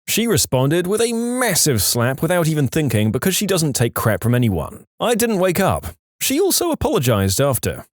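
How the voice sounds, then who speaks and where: Guy reading internet stories out loud, voice all over the place, super dry close mic. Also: mid-range voice, no echo. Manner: animated reading, acting out quoted lines in raised voices. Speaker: story narrator. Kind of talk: reading online stories aloud.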